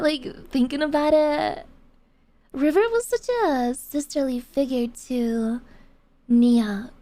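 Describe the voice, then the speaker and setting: High-voiced, slow-talking woman streamer. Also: dark tone. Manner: swearing, slangy, fast swings between giggles and rants. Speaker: VTuber streamer. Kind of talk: casual stream chat.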